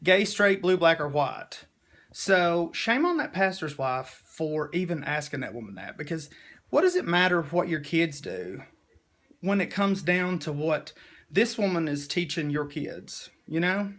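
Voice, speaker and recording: A man's voice: fairly high pitch, animated, unhurried, fairly bright tone. A man speaks in a slightly raised register, talking straight to his viewers. He sounds emotional and preachy as he delivers a heartfelt personal monologue, leaning on "y'all" as he goes. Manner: emotional, preachy, Southern-style "y'all" talk. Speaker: vlogger.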